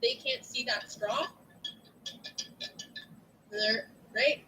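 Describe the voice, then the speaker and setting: Loud, lively woman teaching. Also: on the high side, very slow, slight background noise, poor audio. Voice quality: big loud voice. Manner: chatty, animated, asks "right?" often. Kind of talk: online lecture to students. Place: at home at a computer. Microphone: computer mic.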